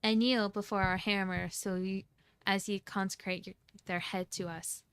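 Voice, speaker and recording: A woman's voice: medium pitch, steady tone, normal speed, smooth, no echo, close to an everyday voice. A woman reading the lines of a zealous armored male inquisitor who gives solemn, archaic commands. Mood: stern. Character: stern armored male religious enforcer, zealous.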